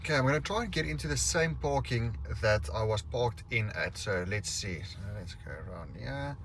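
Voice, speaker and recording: A man's voice: mid-range voice, expressive, moderate pace, fairly bright tone, a little hiss or hum. A man, casually talking viewers through a car, thinking aloud as he goes. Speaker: car reviewer. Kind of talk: casual vlog walkthrough. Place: outdoors and inside a car.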